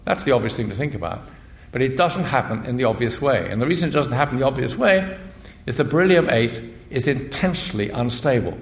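An older man, a physicist and priest, giving a measured public lecture that explains things step by step. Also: mid-range voice, animated. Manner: measured, explanatory, with frequent restarts. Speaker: guest speaker, physicist and priest. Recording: echoey lecture hall.

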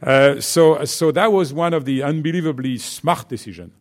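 A man's voice: on the high side, normal speed. Man, French accent, executive, talk to business students, chatty, lots of fillers, asks "right?". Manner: chatty, many fillers and "right?" check-ins.

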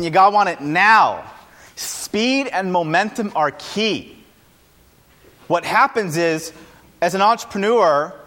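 A man giving an informal, energetic talk to a live audience as an entrepreneur, with punchy lines and self-deprecating asides. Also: high voice.

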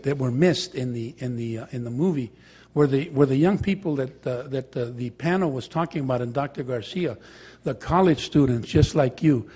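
An older man, once a high school teacher and counselor, tells an audience a joking anecdote in a mid-range, warm, slightly rough voice. His storytelling slips into Spanish at times.

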